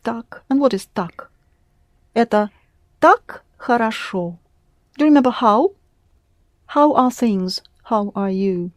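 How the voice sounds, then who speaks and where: A woman's voice: on the high side, expressive, slow pace, long pauses, no echo, clean studio sound. A woman teaching a language class, patiently prompting her students with questions. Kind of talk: classroom lesson.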